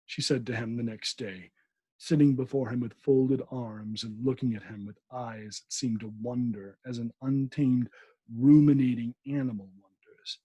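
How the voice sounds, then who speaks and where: A man's voice: medium pitch, normal speed, dark tone, slightly rough, no echo. A man, a podcast host, reading a classic novel aloud with asides, who stumbles over names and corrects himself.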